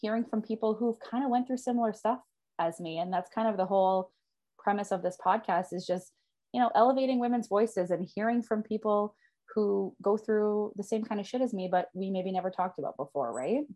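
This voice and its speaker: A woman's voice: mid-range voice, fairly quick, warm tone. A woman hosting a podcast in casual chat, bubbly, who says "like" a lot and swears casually. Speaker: podcast host.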